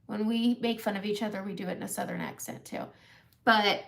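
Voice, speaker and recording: On a makeup live stream, a woman in her forties spins a long comic tale, laughing at herself often. Her medium-pitched voice is steady, a little fast and a bit bright, with vocal fry, and her self-mocking manner keeps the chat casual.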